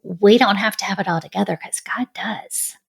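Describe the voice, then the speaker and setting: A woman's voice: medium pitch, moderate pace, creaky, breathy edge. A middle-aged woman sharing her faith story in an earnest, reflective way, an author and speaker. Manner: earnest, reflective, with soft laughs. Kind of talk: personal faith testimony.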